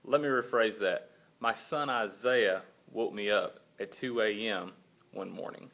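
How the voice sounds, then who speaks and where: Guy vlogging about his kid, lively storytelling, acts out his own yelling. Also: lowish voice, a little slow, gravelly. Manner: animated retelling, acts out his own angry shouts. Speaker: father and church volunteer. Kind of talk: personal video blog storytelling.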